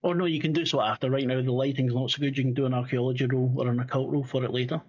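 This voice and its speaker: A man's voice: mid-range voice, fairly even intonation, racing, darkish tone, husky, muffled recording. A man running a tabletop game as game master, rambling and swearing, full of fillers and restarts.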